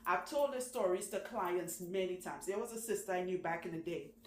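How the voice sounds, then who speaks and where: A woman who owns a salon, telling long stories in a chatty, animated way and laughing often. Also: fairly low pitch. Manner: chatty, animated, laughs often, does quick voices for people she quotes. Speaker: loctician, channel host. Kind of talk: casual storytelling talk. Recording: echoey room with faint background noise.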